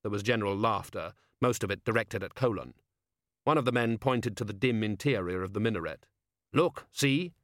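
A man narrating an audiobook in a steady storytelling manner. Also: fairly low pitch, fairly quick, no echo, clean studio sound. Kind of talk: audiobook reading.

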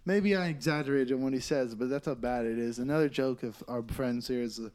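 A man's voice: mid-range voice, brisk. A young man hosting a casual comedy podcast, telling stories animatedly with lots of swearing. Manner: animated storytelling with frequent swearing and laughs. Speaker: podcast host.

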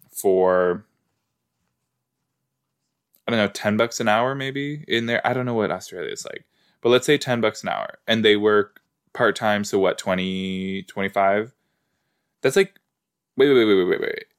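Slow-talking low-voiced man reacting to a show. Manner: chatty, reacting aloud, rambling asides. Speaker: podcast host. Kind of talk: casual watch-along reaction commentary.

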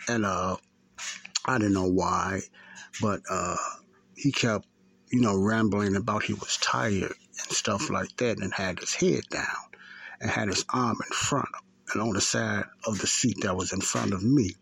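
Gravelly fifty-something man rambling. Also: fairly low pitch, fairly even intonation, unhurried, fairly bright tone. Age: 50s. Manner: rambling, repetitive storytelling with fillers. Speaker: podcast host. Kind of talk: casual spoken testimony.

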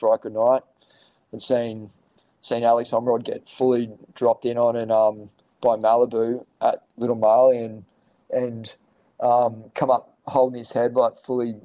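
A man's voice: mid-range voice, warm tone, no room sound, rough recording. A man telling rambling stories in a casual podcast chat, swearing freely and restarting his sentences often. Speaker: podcast guest.

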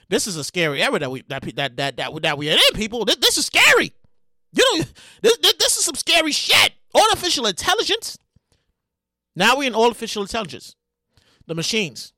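A podcast host, heard as a woman, ranting excitedly, often stammering and repeating herself, sometimes shouting and making dramatic outbursts. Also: a little high, moderate pace, long pauses, no room sound. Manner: sound effects and dramatic outbursts. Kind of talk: excitable comedic rant.

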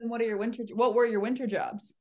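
A young woman hosting a podcast interview, upbeat and asking quick follow-up questions. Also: on the high side, steady tone, mellow. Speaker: podcast host. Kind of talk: casual interview.

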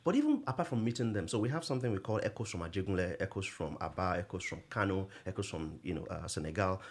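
A middle-aged man, a guest in a podcast interview, telling stories in an animated way and laughing often. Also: low voice, quick pace. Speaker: guest, nonprofit executive director.

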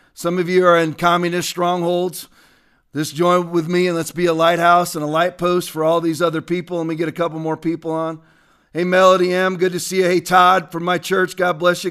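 A man's voice: high voice, fairly bright tone, clear, resonant tone. A man hosting a religious and political livestream, speaking fervently and greeting viewers by name. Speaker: livestream host.

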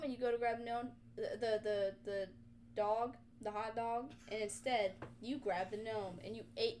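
A young woman co-hosting a podcast, retelling a video game in casual, animated chat full of swearing. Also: on the high side, moderate pace, slight background noise. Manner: animated, profane storytelling. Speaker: podcast co-host.

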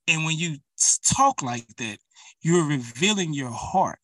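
A man's voice: a little high, expressive, unhurried, bright, forceful tone, no echo, recorded from a distance. A man preaching an urgent, emphatic sermon, speaking straight to his listeners.

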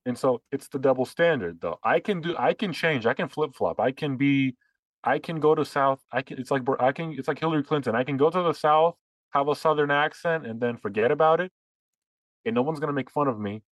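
A man's voice: mid-range voice, brisk, dry recording, poor audio. A man co-hosting a political podcast who talks in long, sarcastic runs with frequent restarts. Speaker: podcast co-host. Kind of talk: casual political chat.

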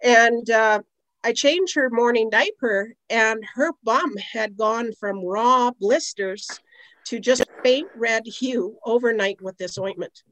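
On an interview podcast, a Canadian aromatherapist in middle age takes her time telling long, meandering stories, conversational and full of "you know" asides. Her voice sits on the high side and is a bit bright. There's no echo, but the audio is poor.

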